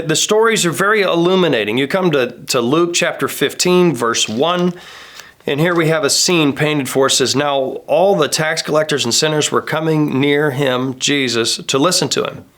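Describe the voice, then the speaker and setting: A man's voice: mid-range voice, fairly bright tone. A man in his thirties, a pastor, preaching a sermon in a casual, storytelling way and acting out the people he quotes. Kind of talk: conversational sermon.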